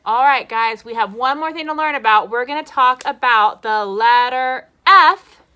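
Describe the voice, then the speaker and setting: A woman teacher reading a picture book to young children and teaching letters, gentle and encouraging, asking them questions. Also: fairly high pitch, moderate pace, smooth.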